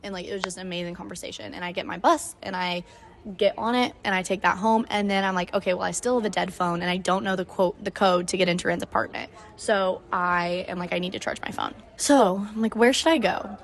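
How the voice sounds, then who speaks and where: A woman's voice: on the low side, steady tone, fairly quick. A nineteen-year-old woman hosting her own podcast, telling a story in a chatty way with lots of "like" and acted-out quotes. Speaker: podcast host. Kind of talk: casual storytelling monologue.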